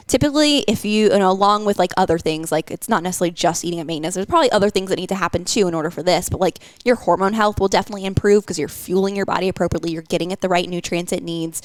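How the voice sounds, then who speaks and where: A woman explains nutrition in a loose, chatty podcast style, full of fillers. Her voice sits at a middle pitch. The sound is dry and close to the mic. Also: dry recording. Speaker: nutrition coach, podcast host. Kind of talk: casual podcast chat.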